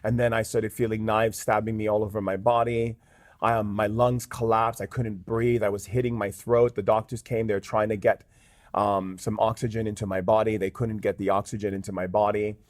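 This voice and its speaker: Low-voiced man telling an earnest story. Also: flat delivery, normal speed, dry recording, clean studio sound. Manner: earnest, with frequent "um" and "like". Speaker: guest shaman. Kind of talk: interview storytelling.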